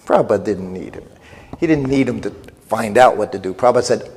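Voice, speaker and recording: A man's voice: fairly low pitch, fast talker, a little mellow, slight background noise. An older man telling a humorous, self-deprecating story as a festival speaker. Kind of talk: storytelling lecture. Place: festival hall. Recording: long reverb in a hall.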